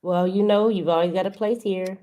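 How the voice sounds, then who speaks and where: A woman's voice: medium pitch, fairly even intonation, brisk, mellow. A woman from Los Angeles, a guest YouTuber, chatting casually and asking curious, friendly questions. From Los Angeles, California. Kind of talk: casual live chat.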